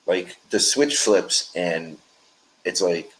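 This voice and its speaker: A man speaking as a guest in a casual conversation, emphatic and talking in quick bursts. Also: low voice, a little hiss or hum, rough recording.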